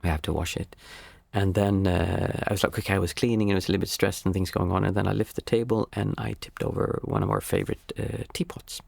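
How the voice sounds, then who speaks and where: A man with a low, heavily gravelly voice gives a reflective spiritual talk as a meditation teacher. He halts often, repeats words and searches for the right term. The recording is dry, with no room sound. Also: steady tone, quick pace, hardly any pauses, darkish tone, dry recording.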